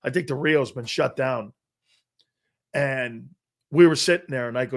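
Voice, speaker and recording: A man hosting a sports talk show, rambling through stories and growing animated as he reads out a list. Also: medium pitch, unhurried. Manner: rambling storyteller, animated when reading a list. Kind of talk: casual sports talk monologue.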